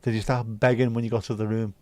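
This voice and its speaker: A man's voice: lowish voice, level tone, fast talker, mellow. A man hosting a livestream, chatting casually and swearing freely while reacting to viewer comments. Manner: laid-back, sweary banter. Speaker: livestream host.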